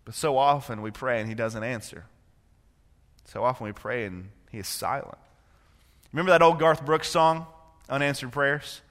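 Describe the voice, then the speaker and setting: Male preacher, bright and slightly high, shifts from hushed story to fervent sermon, long hall echo. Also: moderate pace, pauses often. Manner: builds from quiet storytelling to impassioned preaching. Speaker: pastor.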